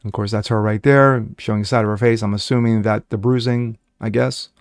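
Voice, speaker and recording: This vlogger delivers sarcastic commentary on the news, reading articles out and mocking them in asides. His voice sits on the low side with fairly even intonation and a fairly quick pace, and the clean studio recording has no echo.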